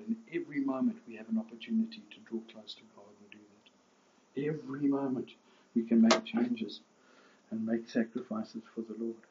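A man's voice: medium pitch, a little hiss or hum. Impassioned male preacher, lo-fi recording. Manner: impassioned preaching with rising emphasis and frequent restarts. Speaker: pastor. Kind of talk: sermon.

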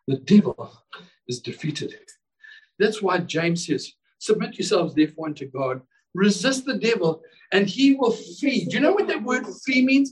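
A man's voice: sits high, distant mic, rough recording. A male pastor preaching a sermon in a church service, fervent and exclamatory, often repeating words as he builds a point.

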